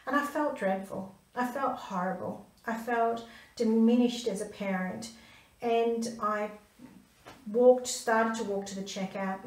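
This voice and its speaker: A woman, a stress management coach telling a personal story to camera in an earnest, emphatic way. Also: mid-range voice. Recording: roomy, mic at a distance.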